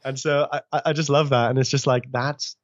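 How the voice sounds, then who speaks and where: A man talking as a guest author, animated and loose, often restarting his sentences and swearing casually. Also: medium pitch, a little fast, dry recording. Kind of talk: conversational interview. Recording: dull lo-fi dry audio.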